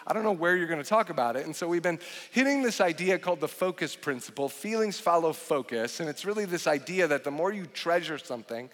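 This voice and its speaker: High-voiced pastor preaching in a big hall. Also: male voice, fast, hardly any pauses. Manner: animated, joking storyteller with frequent restarts. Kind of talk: sermon. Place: large church hall. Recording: long hall reverb.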